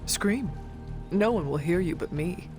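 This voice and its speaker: A man's voice: high-pitched, animated, measured pace. An actor playing a formal, dry-witted man with precise diction in a video game. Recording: game audio with faint music.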